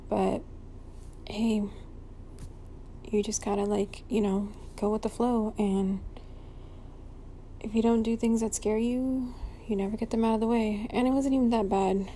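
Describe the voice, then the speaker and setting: A woman giving a sleepy, low-key diary-style recap from her bedroom at night, with casual swearing and stretches of half-whispering. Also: mellow, slight background noise. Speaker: podcaster recapping her fitness challenge.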